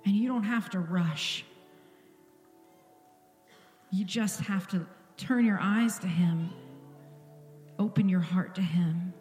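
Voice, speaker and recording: Woman pastor preaching, earnest and close, goes quiet sometimes, echoey church, soft music. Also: mid-range voice. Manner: earnest and intimate, drops to a whisper at times. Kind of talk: sermon. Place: church sanctuary.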